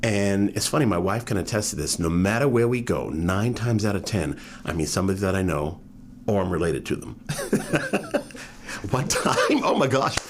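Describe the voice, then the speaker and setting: In an oral history interview, a New York man in his fifties recounts stories from his life. His voice sits low yet swings widely in pitch, sing-song and brisk, as he acts out the people he quotes. Faint room noise lies underneath.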